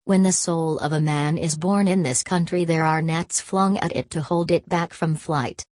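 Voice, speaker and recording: A proud, aloof young man speaks with a cool, cutting edge, read by a woman. The voice sits very low and deep. The recording is close and dry, with no room sound. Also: steady tone, moderate pace, darkish tone, dry recording, close to an everyday voice.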